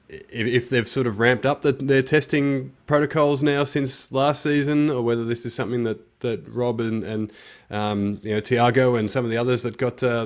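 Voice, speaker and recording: A man hosting a fight podcast, speaking carefully with many ums and hedges. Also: mid-range voice. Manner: hesitant, full of ums and hedges. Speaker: podcast host. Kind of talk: casual podcast chat.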